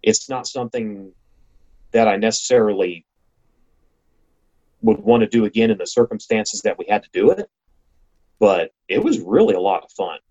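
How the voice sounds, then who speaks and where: A man's voice: on the low side, lively intonation, dark tone. A man who works as a racing announcer, talking casually as an interview guest and describing his work with enthusiasm and frequent restarts. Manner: enthusiastic, talks in quick bursts with restarts. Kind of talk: casual conversation. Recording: lo-fi, slightly dull sound.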